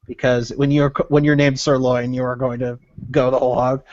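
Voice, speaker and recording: A man narrating as game master in a casual, halting way, on a slightly muffled recording. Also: mid-range voice, little pitch movement, a little mellow, no echo. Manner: halting, casual, full of fillers.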